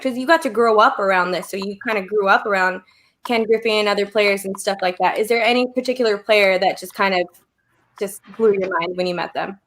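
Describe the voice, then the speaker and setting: A woman's voice: medium pitch, a bit bright. Woman host asking rambling questions. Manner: rambling, question asked with many fillers. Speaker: podcast host. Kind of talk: casual interview.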